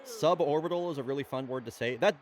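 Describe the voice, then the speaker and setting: A man's voice: medium pitch, fast talker. A man hosting and calling play-by-play for a fake baseball game, chatty and rattling off the action in a casual way. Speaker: play-by-play commentator and host.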